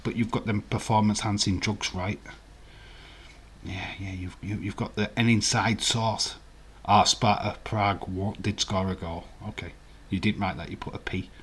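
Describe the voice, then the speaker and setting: A man's voice: lowish voice, steady tone, moderate pace, a little hiss or hum. A man hosting a live stream, chatting casually and rambling while he answers viewer comments and laughs often. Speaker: livestream host. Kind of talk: casual live watch-along chat.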